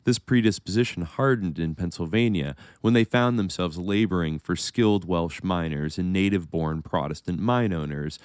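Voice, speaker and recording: A man's voice: deep voice, a little mellow, clean tone, no room sound, studio quality. A man co-hosting a history podcast, reading historical passages and then rambling casually with restarts. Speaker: podcast co-host.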